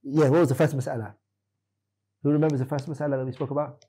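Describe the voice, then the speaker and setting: Male teacher, mellow husky voice, questioning students in class, firm corrections. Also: medium pitch, little pitch movement, fast talker, rough recording. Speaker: Islamic teacher. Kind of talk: classroom lesson quizzing students.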